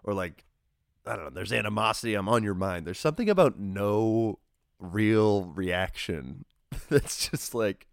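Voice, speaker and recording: Man, very low voice, dry close sound, rambling sports chat, lots of fillers. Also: a little slow, creaky, dry recording. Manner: rambling, animated, many fillers and restarts. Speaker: podcast co-host.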